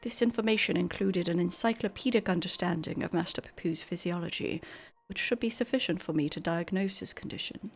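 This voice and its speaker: A woman streamer voicing a calm, clinical male clone scholar in whispered role-play, speaking in a hushed, measured way. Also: on the low side, gravelly, slightly rough.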